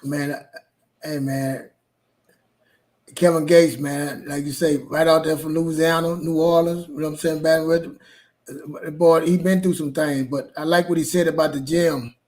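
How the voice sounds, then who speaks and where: Male co-host, high-pitched, casual and earnest storyteller. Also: little pitch movement, unhurried, darkish tone. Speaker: podcast co-host. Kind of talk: personal storytelling.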